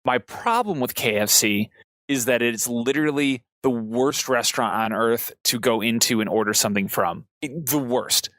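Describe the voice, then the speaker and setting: A man's voice: medium pitch, normal speed, fairly bright tone, no room sound. A man co-hosting a podcast, ranting in casual chat, swearing and acting out both sides of his stories. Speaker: podcast co-host.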